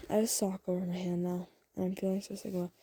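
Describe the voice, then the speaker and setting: Mellow, rambling woman telling a fan story. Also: lowish voice, little pitch movement, rapid-fire, breathy edge. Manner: rambling with many fillers and restarts. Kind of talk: casual spoken fan story.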